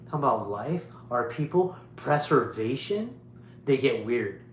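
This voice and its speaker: A man's voice: mid-range voice, sing-song, measured pace. Man, emphatic repetitive ranting, livestream host, faint hum, echoey room. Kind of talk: rambling monologue to viewers.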